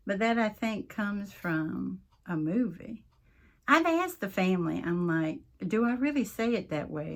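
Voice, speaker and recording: A woman hosting a casual craft tutorial, chatting and rambling as she works, often interrupting herself. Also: medium pitch. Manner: mentions her accent coming and going. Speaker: craft video host.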